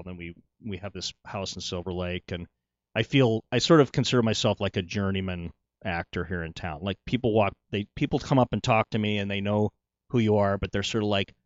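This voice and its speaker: A man's voice: low voice, dry recording, highs cut off. A middle-aged male actor telling his story in a casual interview, rambling, with many restarts and "you know"s.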